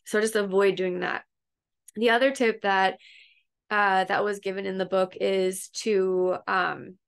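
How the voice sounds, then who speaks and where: A woman's voice: medium pitch, level tone, a little slow, creaky, clear, resonant tone. A woman coaching an online group, casually retelling a story from a book in a chatty, meandering way, full of fillers and restarts. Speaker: self-help coach and host.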